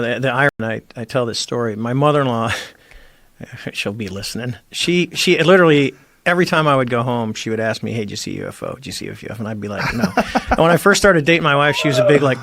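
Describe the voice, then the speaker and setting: Gravelly middle-aged man telling a story. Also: medium pitch, dry recording. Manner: animated storyteller, acts out quoted voices. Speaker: podcast guest, former Navy squadron commander. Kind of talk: casual storytelling interview. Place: podcast studio.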